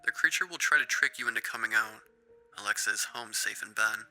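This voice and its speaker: A man voicing a sinister, smooth-talking male employer in a hushed, soothing, calm way for a horror story. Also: lowish voice, brisk, soft background music, low-quality recording.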